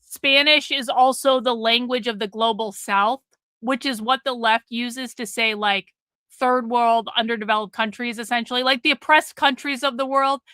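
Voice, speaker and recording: A woman's voice: fairly high pitch, steady tone, moderate pace, sharp tone, no echo. A woman hosting a live stream, commenting bluntly and explaining things to her chat. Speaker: livestream host.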